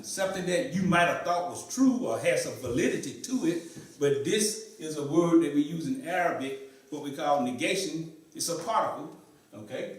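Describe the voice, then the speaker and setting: A man teaching Arabic to a class in a mosque, often asking questions and repeating students' answers. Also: on the high side. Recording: echoey room, voice from far off.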